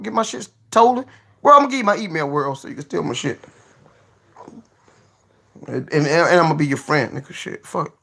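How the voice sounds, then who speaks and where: Male livestream host, gravelly and husky, profane and excitable, lively pitch. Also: normal speed, long pauses. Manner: profane, excitable, jumps between mumbling and yelling. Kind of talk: casual livestream rant to viewers.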